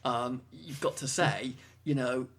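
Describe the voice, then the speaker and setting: A man's voice: medium pitch, fairly even intonation, takes it slowly, a bit bright, husky. A British man co-hosting a podcast, chatting casually and rambling with many restarts. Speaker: podcast co-host. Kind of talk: casual chat.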